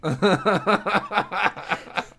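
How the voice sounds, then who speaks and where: A man's voice: sits high, very slow, creaky, a little hiss or hum. A man co-hosting a podcast in casual chat, joking and laughing often. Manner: laughs often, jokey, animated. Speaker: podcast co-host.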